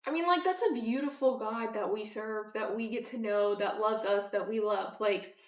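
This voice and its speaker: A woman teaching a casual Bible study, chatty and animated, with many fillers and acted-out quotes. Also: medium pitch, normal speed, roomy sound, distant mic.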